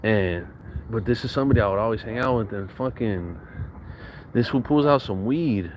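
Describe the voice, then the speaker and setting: A man's voice: fairly low pitch, normal speed. Laid-back man telling a story with faint noise. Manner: profane, laughing, acts out quoted voices. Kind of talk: casual storytelling.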